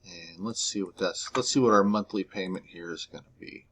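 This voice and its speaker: A man teaching a recorded math lesson, explaining step by step in a relaxed way. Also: low-pitched, a little fast, slightly rough.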